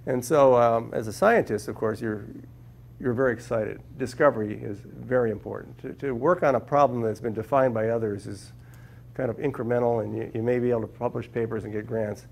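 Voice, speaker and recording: A man's voice: mid-range voice, fairly even intonation, fairly quick, gravelly, a little hiss or hum. A man from Minnesota speaking to a class as a guest scientist, telling humorous stories and often repeating words as he finds them. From Minnesota, USA. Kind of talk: anecdotal talk to a class. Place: lecture room with a live audience.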